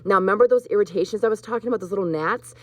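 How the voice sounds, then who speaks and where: A woman hosting a live spiritual card reading, talking gently to her viewers and getting emotional at times. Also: medium pitch, very fast, no room sound. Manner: warm, emotional, choked up with laughter at times. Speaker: host.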